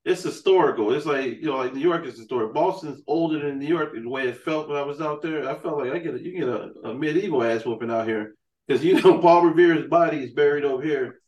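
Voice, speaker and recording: A man's voice: fairly high pitch, fast talker, a little mellow, echoey room, distant mic. A man hosting a podcast, telling loose, profanity-heavy road stories in casual chat. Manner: loose, profane storytelling with frequent "man" and "you know". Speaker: podcast host.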